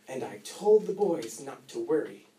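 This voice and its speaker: A man voicing a young boy trapped under rubble who speaks with quiet, steady reassurance. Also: mid-range voice, a little slow, echoey room, distant mic, voice pushed down, rough recording. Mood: reassuring.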